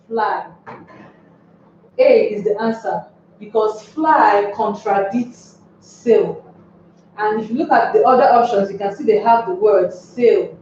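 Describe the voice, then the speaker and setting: A woman's voice: on the high side, a little mellow, a little hiss or hum. Lady teaching english, asks the class "what?" then answers it, recorded from far off, kinda muffled. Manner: quizzes listeners with rhetorical "what?" questions, then answers. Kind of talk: classroom lesson. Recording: echoey room, distant mic, dull sound.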